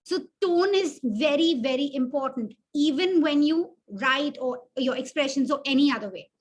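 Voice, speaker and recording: Woman workshop mentor, high voice, conversational and self-mocking, draws the audience in. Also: animated, normal speed. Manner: chatty, self-deprecating, asks the audience questions. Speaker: webinar mentor. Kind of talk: interactive online workshop teaching.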